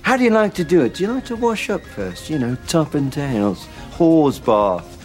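Austin Powers, a leering British spy. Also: male voice, on the high side, sing-song, normal speed, darkish tone, soft background music. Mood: cheeky. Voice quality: leering, innuendo-laden. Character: cheeky swinging 1960s British male spy.

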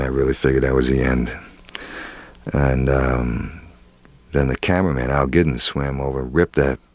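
A middle-aged actor telling an interviewer a candid story, halting with fillers and restarts. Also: male voice, very deep voice, no echo. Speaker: actor guest.

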